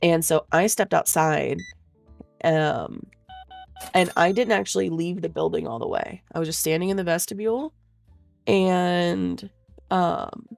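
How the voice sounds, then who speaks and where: A woman's voice: lowish voice, sing-song, a little slow, gravelly, a little mellow, faint music behind. A young woman streamer telling a rambling, swear-laden story in a casual way, full of fillers. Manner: profane, rambling, filler-heavy.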